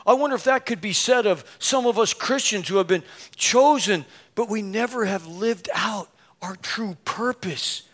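In a sermon, a man whose voice sits high and moves at normal speed tells an amusing story about himself with animated self-mockery, acting out what was said. He goes on to rally his listeners, now and then reaching a shout.

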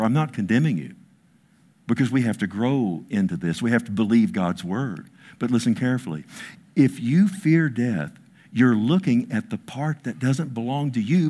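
A man's voice: mid-range voice, animated, moderate pace. Emphatic male preacher telling stories. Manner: storytelling, emphatic, swings between hushed and raised; repeats "listen" and "I mean" as fillers. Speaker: pastor. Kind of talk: sermon.

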